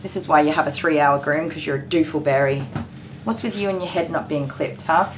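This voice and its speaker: A middle-aged woman who works as a dog groomer and chats casually while she works. She is dry and sarcastic, laughs often, and gently scolds the dog on the table. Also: low voice, fairly even intonation, a little fast. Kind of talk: casual chat while working. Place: grooming salon indoors. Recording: echoey room with clipper noise. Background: electric clippers buzzing.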